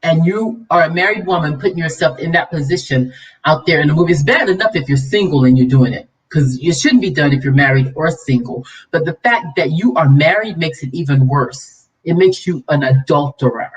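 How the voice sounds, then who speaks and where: A woman's voice: deep voice, expressive, a little fast, distant mic, rough recording. A woman hosting a livestream commentary, preachy and scolding, then chatty and laughing with her viewers. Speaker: vlog host.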